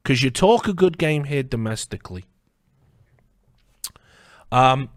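A man's voice: mid-range voice, animated, slow, long pauses, no room sound, clean studio sound. A man hosting a commentary video, delivering an angry rant full of swearing and rhetorical questions.

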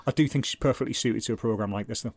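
A man's voice: medium pitch, rapid-fire, no room sound. A man trades dry, sardonic jabs in a casual comedy chat and swears freely. His voice sounds close and dry, with no room around it. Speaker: podcast co-host.

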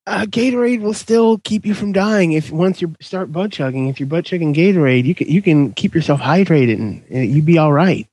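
A man's voice: on the high side, a little fast, few pauses, a little mellow, dry recording. A man hosting a casual podcast panel, calling on each panelist and running the votes. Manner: calls on panelists, runs the votes. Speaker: podcast host.

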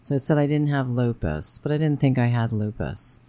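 A woman's voice: extremely low pitch, lively intonation, normal speed, dark tone. A woman in her forties co-hosting a podcast in casual chat, blunt and frank and swearing freely. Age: 40s. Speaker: podcast co-host.

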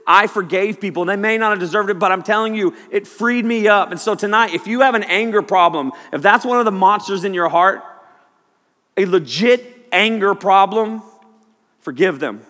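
A man preaching a sermon, telling a personal story in an animated way and sometimes shouting quoted lines. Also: high-pitched, moderate pace. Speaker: pastor. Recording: long hall reverb.

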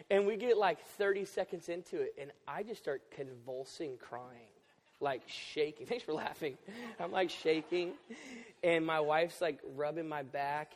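A man's voice: on the high side, long reverb tail. A man preaching a sermon as pastor, joking and self-deprecating, then candid. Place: church auditorium.

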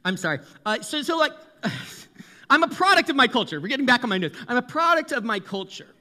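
A young man from Connecticut on the US East Coast preaches a sermon, animated and self-mocking, often restarting his sentences. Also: very high voice, fairly quick.

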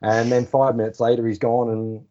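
An Australian man in his forties, a former sports journalist, telling relaxed anecdotes in a podcast interview. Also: mid-range voice, normal speed. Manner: relaxed, anecdotal, acts out quoted phone calls. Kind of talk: casual storytelling interview. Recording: slightly dull podcast audio.

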